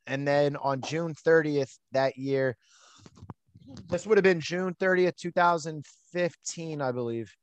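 Male podcast host, outgoing and talkative, slightly high voice, dry close sound. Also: unhurried, smooth, no room sound. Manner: outgoing, chatty, lots of fillers. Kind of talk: casual storytelling chat.

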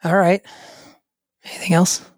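A man's voice: measured pace, dry recording. A man co-hosting a podcast in casual chat, talking in a loose, rambling way and steering the conversation, his voice weak and strained. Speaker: podcast co-host.

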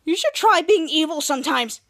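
A woman's voice: high voice, expressive, a little fast, fairly bright tone, no room sound, clean studio sound. A woman voicing a smug teenage boy villain in a recap, taunting.

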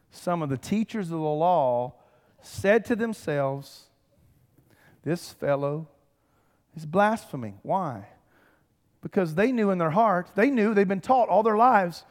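A man preaches from the pulpit in a fairly high voice, rising into emphatic swells and turning to the congregation with direct calls. His voice carries a long reverb from the large sanctuary around him. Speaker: pastor. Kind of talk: sermon. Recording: long reverb of a big hall.

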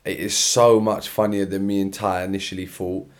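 Young guy solo podcasting, tired n yawny, slangy rambling chat, kinda lowish voice. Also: little pitch movement, normal speed. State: tired, yawning. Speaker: podcast host. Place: his own room. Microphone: own podcast mic.

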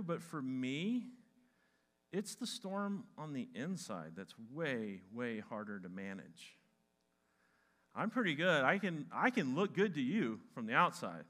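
A man preaching a sermon to a congregation, dramatizing Bible stories with animated shouts. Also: mid-range voice. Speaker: pastor.

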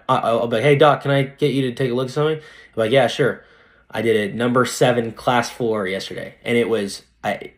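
Guesting on a podcast, a young man who works as a dentist chats in a casual, animated manner full of slang. His voice is medium in pitch, and he frequently says "right?" and "dude" to the listener.

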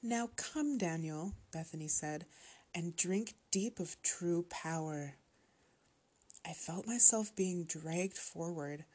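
A woman narrating a horror story in a steady, measured reading voice. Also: on the low side, husky.

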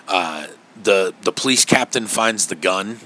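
A man's voice: low voice, expressive, a little slow, sharp tone, a little hiss or hum. A man co-hosting a podcast, chatting casually and animatedly, acting out quotes and swearing freely. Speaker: podcast co-host. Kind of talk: casual chat.

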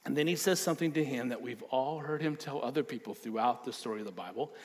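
A man preaching a sermon as a pastor, with dynamic delivery that drops low and rises into emphatic bursts. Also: fast.

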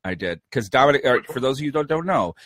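A man with a husky, slightly breathy voice that swoops up and down as he jokes through a casual podcast chat. He reads listener mail in an animated way, recorded close and dry. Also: mid-range voice, quick pace, no echo. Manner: jokey, laughing banter. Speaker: podcast co-host.

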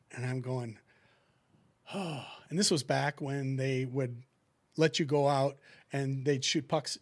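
A middle-aged man spins hockey yarns in an easygoing, conversational way. His voice sits at an ordinary middle pitch, and he slips into the voices of the people in his stories as he goes. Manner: animated anecdotes, acting out what people said. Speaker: guest, former hockey goalie who coaches goalies. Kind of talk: casual storytelling in a podcast chat.

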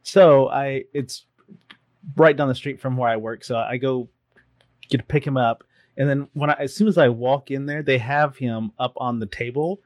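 A man's voice: medium pitch, moderate pace, dry recording. Man, casual storyteller, laughs a lot, acts out voices, dry close sound. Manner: animated, laughs often, acts out voices in his stories. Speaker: participant sharing a story. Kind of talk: casual storytelling among friends.

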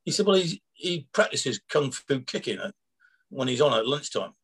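A man's voice: mid-range voice, sing-song, normal speed, a bit bright, husky. A man, a former prison officer, telling rambling anecdotes in casual chat, acting out quoted dialogue with chuckles.

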